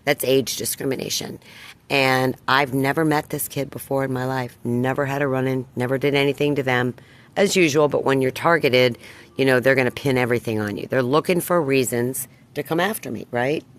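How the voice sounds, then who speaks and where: A woman's voice: rumbling low, brisk. An older woman vlogging, retelling a run-in with neighbors in an indignant, emphatic way. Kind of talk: personal storytelling to camera.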